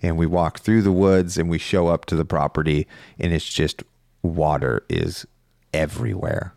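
A man with a low voice tells a long story in an easygoing, rambling way, swearing now and then. The sound is dry and close to the mic, with no room around it. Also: lively intonation, moderate pace, vocal fry, darkish tone, dry recording. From Northern California. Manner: rambling storyteller, laid-back and profane. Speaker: podcast co-host. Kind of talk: casual chat.

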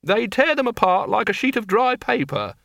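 A man voicing a calm, menacing werewolf. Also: sits high, gravelly, no echo, studio quality, voice pushed up, full character voice. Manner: even, deliberate threats.

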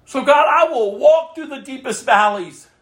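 A woman's voice: sits high, animated, moderate pace. A woman preaching a sermon, emphatic, acting out the prayers she quotes. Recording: roomy echo.

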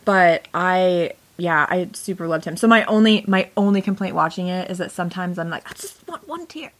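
A woman's voice: on the low side, fairly even intonation, moderate pace. A woman co-hosting a podcast in casual chat, rambling and searching for words with many fillers. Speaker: podcast co-host. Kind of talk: casual chat reviewing a TV series.

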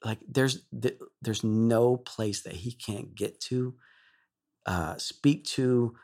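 A male worship leader, a guest on a talk show, telling an emotional story in an animated way and laughing often. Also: medium pitch, slow pace.

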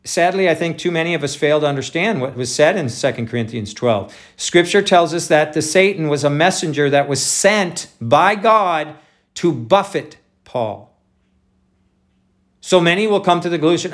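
A man's voice: high-pitched, animated, normal speed. Man preaching a conversational sermon. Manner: conversational preaching, addresses listeners as folks. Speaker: pastor.

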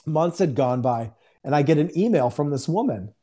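Mellow-voiced man telling a testimony. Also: on the high side, expressive, normal speed. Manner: conversational, acts out dialogue in quotes. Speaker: guest minister. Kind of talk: storytelling testimony.

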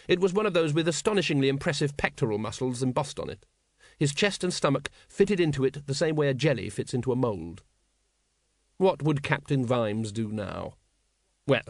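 A man reading an audiobook aloud in a measured, dry way. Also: medium pitch, no echo. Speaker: audiobook narrator. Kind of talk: scripted audiobook narration.

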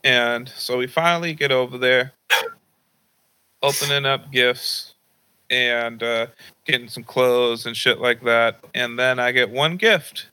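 Bright-voiced man telling a story casually. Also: medium pitch, takes it slowly, clear, resonant tone. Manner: profane and rambling, full of fillers.

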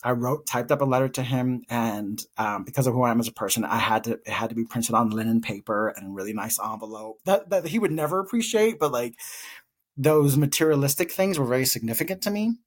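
A man's voice: mid-range voice, fairly quick. A man co-hosting a podcast, telling a personal story in an earnest, reflective way, openly emotional. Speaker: podcast co-host.

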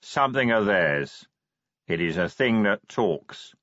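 A man voicing a clever male troll who speaks quietly and patiently, like a school teacher. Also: fairly low pitch, lively intonation, no room sound, lo-fi sound. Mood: calm, measured. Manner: measured, patient, lightly teasing.

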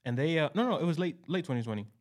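A man hosting a casual podcast, steering the talk and tossing in quick agreeing replies. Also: a little high, lively intonation. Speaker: podcast host.

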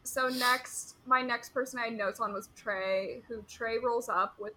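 Bright-voiced chatty woman co-host. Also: on the high side, fairly even intonation, rough recording. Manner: chatty, recaps scenes with quick asides. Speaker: podcast co-host. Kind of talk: casual chat.

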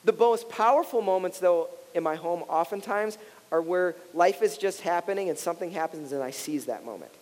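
High-voiced pastor preaching in an echoing hall. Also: male voice, fairly quick, darkish tone. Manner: casual and conversational, acts out quoted voices, laughs often. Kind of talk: sermon. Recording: long hall reverb.

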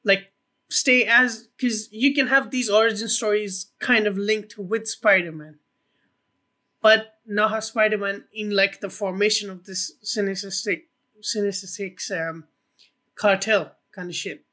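High, bright-voiced man pitching movie ideas. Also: unhurried. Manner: excited pitching of ideas, heavy swearing, lots of "like" fillers. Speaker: podcast co-host. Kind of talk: casual film podcast chat.

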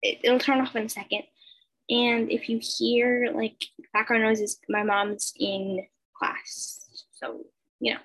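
A woman's voice: a little high, little pitch movement, slow, a bit bright, rough recording. A young woman, likely a teenager, reading a fan story aloud in a casual, hesitant way with stumbles and fillers, recorded on a laptop over a video call at home. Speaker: fan fiction reader. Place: bedroom at home.

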